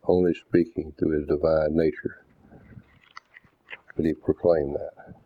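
Male preacher, deliberate teaching sermon with scripture readouts; deep bass, dry and lo-fi like a phone line. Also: little pitch movement, no echo. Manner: deliberate, didactic, reads verses aloud. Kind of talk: doctrinal sermon with scripture readings. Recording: tinny phone-like dry sound.

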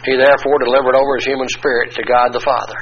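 A male preacher working through scripture in a measured teaching sermon, stopping to spell out Greek terms one letter at a time. The recording is muffled and lo-fi, with a faint hiss underneath. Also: mid-range voice, level tone. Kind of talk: expository Bible teaching sermon.

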